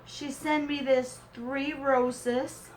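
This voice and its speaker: Woman opening a craft swap box, super slow and halting, gushes over everything, faint hum behind. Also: high-pitched, fairly even intonation, rough recording. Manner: gushing and sentimental, exclaims often; halting, with pauses and fillers. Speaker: crafting vlogger. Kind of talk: unboxing a craft swap package.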